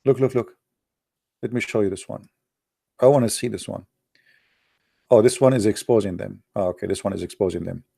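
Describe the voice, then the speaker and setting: This casual online commentary show comes from the same middle-aged host, a non-native English speaker working from a small home room. Sarcastic and lively, he talks briskly in a dark, gravelly, mid-range voice, repeats himself and keeps saying "my friend." With the desk mic close by, the space sounds dry, with no room sound at all.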